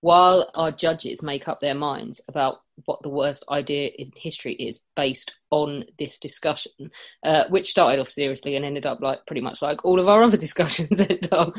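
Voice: mid-range voice, normal speed. A podcast host who runs a casual panel chat, laughing often and making wry asides.

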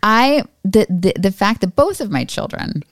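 A woman's voice: medium pitch, big pitch swings, normal speed, dry recording, studio quality. A middle-aged woman co-hosting a podcast, chatting and laughing as she tells exasperated stories about her kids. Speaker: podcast co-host, mother. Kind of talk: casual chat.

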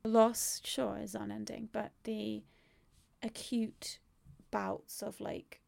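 A woman's voice: mid-range voice, little pitch movement, slow pace, creaky, darkish tone. A woman in her thirties talking candidly and rambling in a casual conversation, swearing freely. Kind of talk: casual conversation about grief.

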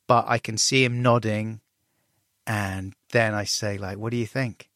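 Middle-aged guest, candid and wry, lively when he quotes people, recorded dry. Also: fairly low pitch, measured pace, dry recording. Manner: self-deprecating, animated when acting out dialogue. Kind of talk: candid conversational storytelling.

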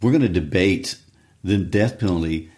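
A man co-hosting a show, reading a story aloud and discussing it in a measured, reflective way. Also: deep voice, a little mellow. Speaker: co-host.

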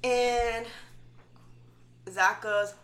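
A woman co-hosting a podcast, telling the story in a casual, excitable way with acted-out quotes. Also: fairly high pitch, very slow. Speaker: podcast co-host. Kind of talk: casual chat recapping a show.

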